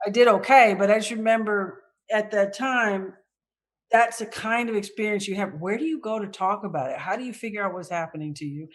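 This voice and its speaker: Brief: woman interview guest, candid and animated storytelling, mid-pitch voice. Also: a little fast. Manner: animated, reenacts her own past thoughts.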